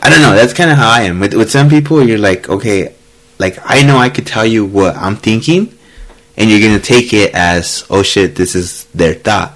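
A man's voice: lowish voice, normal speed, fairly bright tone. A young man as a podcast guest in casual chat, talking loosely and hesitantly with many fillers.

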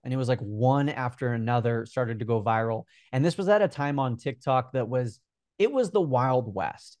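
An earnest, energetic young man in his twenties talks through his story as a podcast guest, often pausing on fillers. His voice sits at an ordinary middle pitch, recorded close with no room echo. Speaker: guest, Instagram growth coach. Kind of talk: casual interview talk.

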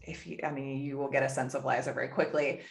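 A woman telling a personal story in earnest, quickly quoting her own past words. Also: a bass voice, little pitch movement, vocal fry, reverberant, slight background noise. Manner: earnest, quick, quotes herself. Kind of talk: casual emotional storytelling.

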